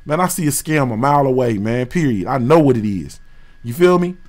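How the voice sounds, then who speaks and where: A man's voice: medium pitch, animated, a little fast. A man from Dayton, Ohio, hosting a boxing talk livestream in a heated, profane, slang-filled rant. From West Dayton, Ohio, USA. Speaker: boxing talk show host.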